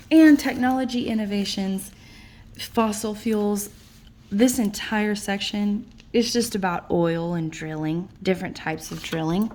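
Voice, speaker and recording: A tired woman teacher explains class notes at a very slow, patient pace, her voice sitting at a middling pitch. A faint hiss runs under the recording. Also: darkish tone. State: tired, yawning late at night. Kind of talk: recorded lesson walking through notes.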